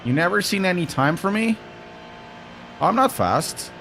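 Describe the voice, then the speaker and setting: A man's voice: sits high, sing-song, measured pace, vocal fry, fairly bright tone, a little hiss or hum. A young man with a Portuguese accent from Portugal, chatting casually to his stream chat while sim racing, wry and talkative.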